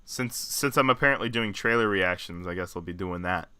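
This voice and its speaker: A man's voice: low voice, a little fast, background noise. A man in his twenties co-hosting a podcast in casual chat, joking and rambling with frequent laughs. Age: 20s. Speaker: podcast co-host.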